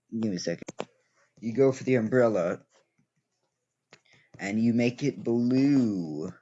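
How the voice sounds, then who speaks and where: A man's voice: on the low side, warm tone. A young man chatting through a game walkthrough, thinking aloud and correcting himself as he plays. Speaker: gaming video creator. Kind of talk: casual game walkthrough commentary. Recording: dull lo-fi audio with game music. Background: game music.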